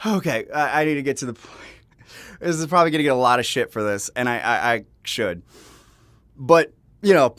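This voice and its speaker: A man's voice: fairly high pitch, quick pace, a bit bright, dry recording. A young man telling a personal story in a casual vlog, rambling with frequent laughs and restarts, swearing now and then. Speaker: vlogger. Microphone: home microphone.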